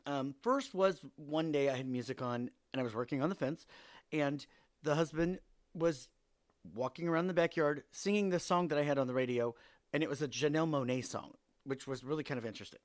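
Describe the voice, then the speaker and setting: A man's voice: on the high side, a little fast. A man hosting a podcast, telling stories about his neighbors in a wry, exasperated way and acting out their lines. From Seattle area. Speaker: podcast host. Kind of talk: casual storytelling.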